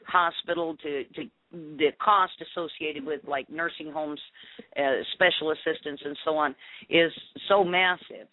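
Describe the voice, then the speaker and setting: A man hosting a phone-in radio interview, talking in a halting way with restarts as he thinks aloud. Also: fairly high pitch, no room sound. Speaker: radio host. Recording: dry, tinny phone-like sound.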